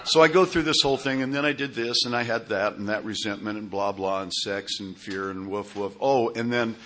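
A man telling his own recovery story to a group, in a halting way with repeated words and many fillers. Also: lowish voice, a bit bright. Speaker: speaker sharing at a recovery meeting.

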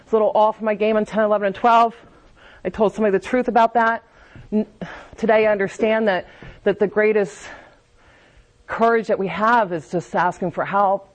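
A woman's voice: medium pitch, fairly even intonation, a little fast, pauses often. A woman speaking candidly at a recovery meeting, giving a confessional personal testimony and often restarting her sentences.

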